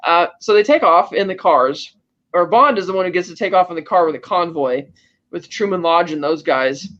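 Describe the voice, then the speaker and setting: A man with a notably high voice runs through a film's story in a loose, casual recap. He tells it with animation and often trips and restarts mid-sentence. The audio is slightly muffled and lo-fi. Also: moderate pace, fairly bright tone. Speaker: podcast co-host.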